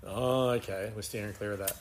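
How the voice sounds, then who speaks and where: A man's voice: on the low side, steady tone, a little fast, a little hiss or hum. A man co-hosting a podcast in casual, joking banter. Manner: joking, laid-back banter. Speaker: podcast co-host. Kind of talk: casual chat.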